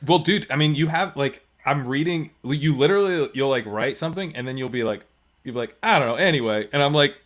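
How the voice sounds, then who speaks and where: A man's voice: mid-range voice, fairly quick. A man co-hosting a casual sports podcast, joking and teasing his co-hosts. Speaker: co-host.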